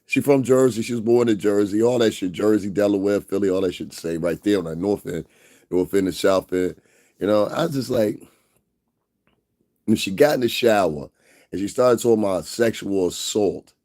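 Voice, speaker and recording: Lowish-voiced man on a profane, rambling rant. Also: mellow. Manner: profane, rambling, drawn-out emphasis with frequent laughs. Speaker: livestream host. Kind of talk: casual livestream rant.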